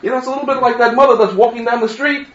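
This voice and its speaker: High-voiced man teaching a religious class. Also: very fast. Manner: animated storytelling with stammered restarts. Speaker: Torah teacher. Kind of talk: religious lecture with anecdotes. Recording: roomy, distant, dull lo-fi.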